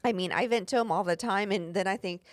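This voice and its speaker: A woman's voice: mid-range voice, quick pace, no echo. Woman host chatting casual, swears a lot, lots of "like", dry close sound. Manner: frank, swears freely, many "like" fillers. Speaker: podcast host and shop owner. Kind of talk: casual chat.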